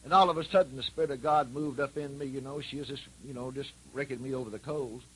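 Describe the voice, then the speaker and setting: A man's voice: medium pitch, steady tone, fast talker, breathy edge, low-quality recording. A male preacher delivering a sermon with folksy, repetitive storytelling and emphatic lines.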